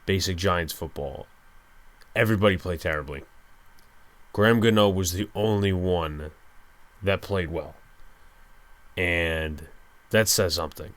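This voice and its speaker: Low-voiced man talking quietly late at night. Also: unhurried, long pauses. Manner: resigned, frustrated fan rant. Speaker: podcast host. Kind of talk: solo sports podcast monologue.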